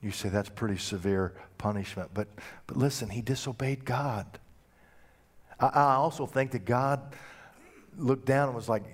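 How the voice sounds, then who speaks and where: A male pastor preaching a sermon, telling the story in a folksy, conversational way and acting out the quotes. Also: normal speed. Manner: folksy storytelling with acted-out quotes and big pitch swings.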